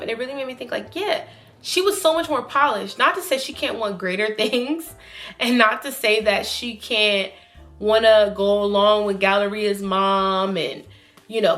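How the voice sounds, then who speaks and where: A woman giving casual, opinionated commentary to her viewers, animated and emphatic. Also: medium pitch. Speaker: YouTube commentator.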